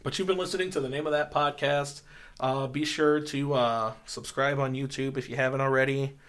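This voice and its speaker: Man, podcast host, mid-pitched, deadpan, casual comedic chat. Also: fairly quick, a little hiss or hum. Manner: deadpan joking, drifts into loud mock bits.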